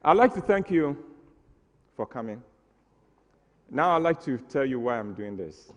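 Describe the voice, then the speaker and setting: A man's voice: medium pitch, sing-song, unhurried, big-room sound. A man tells a comic story on stage, acting out the scenes with mock drama. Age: 60s. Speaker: stage performer.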